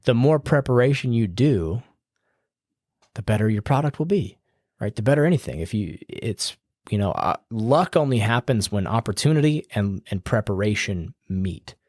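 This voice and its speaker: A man's voice: lowish voice, lively intonation, normal speed, a little mellow, dry recording. Upbeat man hosting a podcast, dry sound. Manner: loose and rambling, with fillers and casual swearing; upbeat and smiling. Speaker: podcast host. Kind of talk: casual advice monologue.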